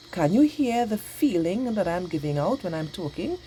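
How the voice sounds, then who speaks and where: A woman teaching a patient, exaggerated grammar lesson to young children, speaking slowly and clearly. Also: on the low side, sing-song, warm tone.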